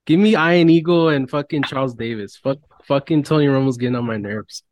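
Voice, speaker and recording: A man's voice: mid-range voice, a little fast, no echo. A man co-hosting a sports podcast, talking casually, swearing a lot and venting about announcers. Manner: profane, animated, mocks announcers. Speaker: podcast co-host.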